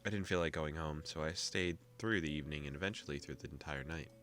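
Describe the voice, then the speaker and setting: A young man hosting a gaming video, calmly reading a visual novel aloud with joking asides. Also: a bass voice, fast, soft background music.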